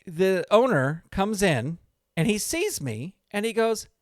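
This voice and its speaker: A man's voice: high voice, big pitch swings, takes it slowly, no echo, clean studio sound. A man hosting his own podcast, telling a story in a chatty, rambling way that stops and restarts often. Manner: rambling, self-interrupting, chatty. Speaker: podcast host. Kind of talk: casual storytelling monologue. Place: small recording studio.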